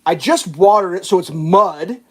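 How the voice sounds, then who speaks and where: A man's voice: high-pitched, measured pace, fairly bright tone. A man hosting a live stream, casually telling a long, exasperated story in a rambling, profane way. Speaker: livestream host.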